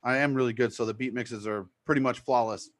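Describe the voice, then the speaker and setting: A man with a New England accent, a DJ chatting casually and excitedly about his show, rambling with fillers. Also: medium pitch, a little fast. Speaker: DJ promoting his live mix show. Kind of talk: casual chat.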